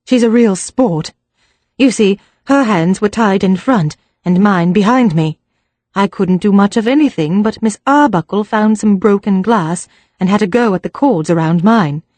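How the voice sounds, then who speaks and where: A woman's voice: medium pitch, lively intonation, unhurried, a little mellow, dry recording, close to an everyday voice. A woman doing a plucky young gent. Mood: earnest. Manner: jaunty, old-fashioned slang. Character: cheerful young English gentleman, plucky.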